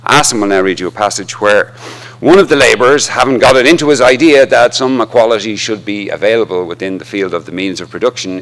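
A man giving an academic literature lecture with deliberate, dramatic emphasis. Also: sits low, a bit bright, slight background noise.

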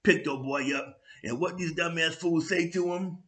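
A man with a New York accent hosting his own vlog, telling a street story in slang with sound effects and loud bursts. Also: on the high side, moderate pace, reverberant. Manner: animated street slang with frequent "you know what I'm saying". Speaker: vlog host. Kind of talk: casual storytelling monologue.

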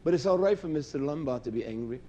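A male preacher giving a sermon, impassioned, swinging between loud declaiming and low muttering. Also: expressive, quick pace, highs cut off, slight background noise.

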